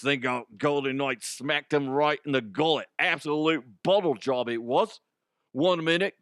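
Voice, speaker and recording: A man voicing a brash male pundit in a put-on Cockney accent, loud, slangy and taunting. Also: fairly high pitch, clear, resonant tone, no room sound, clean studio sound.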